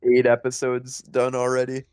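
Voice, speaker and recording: A man hosting a podcast, telling a story in an animated, casual way, full of fillers and laughter. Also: mid-range voice, normal speed. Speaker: podcast host.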